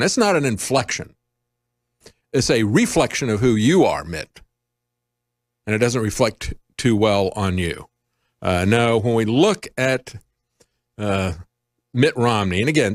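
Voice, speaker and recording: A man's voice: lowish voice, dry recording, clean studio sound. A man hosting an opinionated news commentary show, sarcastic and emphatic, playing with words. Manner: sarcastic, emphatic, wordplay-heavy. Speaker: host.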